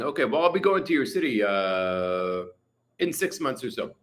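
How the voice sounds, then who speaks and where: With a mid-range, fairly bright voice, this livestream host speaks a little slowly yet animatedly. The Canadian from British Columbia rambles through viewer comments in a chatty way, packed with "you know" and "uh," sitting in a hot room at home with a fan.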